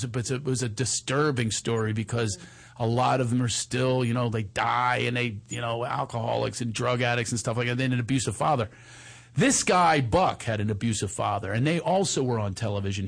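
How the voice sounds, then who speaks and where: A middle-aged man with a Philadelphia accent, chatting on a talk show and telling a story with lots of restarts. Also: medium pitch. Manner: chatty storyteller, restarts a lot, puts on a soft cowboy drawl for quotes. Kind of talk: casual chat.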